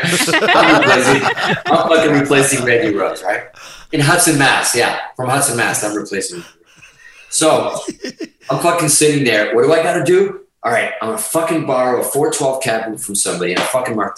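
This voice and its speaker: A man in his fifties, a guitarist guest on a podcast, telling stories in a profane, animated way and laughing through them. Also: lowish voice. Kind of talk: storytelling in casual chat. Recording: very echoey room, far from mic.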